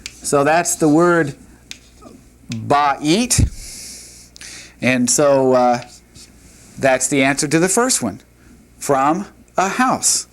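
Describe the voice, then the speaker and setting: A man teaching a Hebrew lesson, working through exercises and reading words aloud slowly and patiently. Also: a little high, animated. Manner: slow, patient, sounds out words. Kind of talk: classroom lecture.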